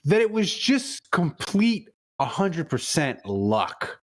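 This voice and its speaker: A man's voice: on the high side, very animated, takes it slowly. A man hosting a casual sports podcast, bantering and laughing a lot. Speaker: podcast host.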